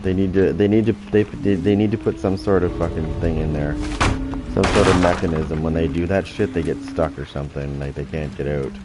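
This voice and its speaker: Low-voiced man rambling over gameplay. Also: fairly even intonation, fairly quick, over music. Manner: rambling, profane, restarts sentences. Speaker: gaming channel host. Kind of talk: casual gameplay commentary.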